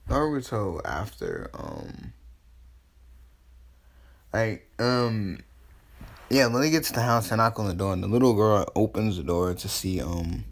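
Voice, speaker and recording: A man's voice: fairly low pitch, sing-song, measured pace, creaky, long pauses. A man casually retelling a fan story, rambling with lots of fillers. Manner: rambling, full of fillers and restarts.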